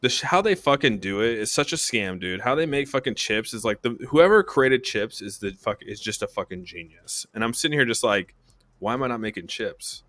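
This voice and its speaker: Profane animated podcast host, man. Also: mid-range voice, a little fast, few pauses, dry recording. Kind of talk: casual chat.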